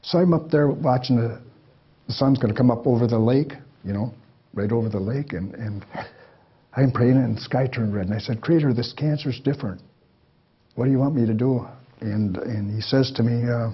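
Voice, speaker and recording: At a moderate pace, an older man with a husky, medium-pitched voice tells an audience about his life. His storytelling is folksy and meandering, broken up by chuckles, on a dull lo-fi lecture recording.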